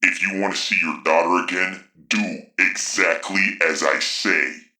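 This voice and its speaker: A man voicing a menacing kidnapper who speaks through a mechanical voice, slow and commanding. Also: sits low, fairly even intonation, sharp tone, heavily acted. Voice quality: mechanical, cold.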